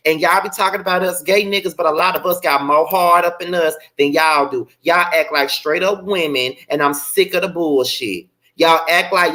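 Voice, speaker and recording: A man's voice: on the high side, bright, forceful tone. A young man hosting a livestream, ranting bluntly and profanely, repeating his points for emphasis. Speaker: show host.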